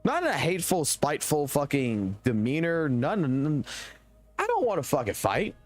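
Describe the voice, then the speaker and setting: A young man from Louisiana, a streamer with a Southern US accent, speaks at a normal pace in a voice on the high side. Soft music plays as he rants and swears animatedly, rambling through loose commentary on a close desk mic.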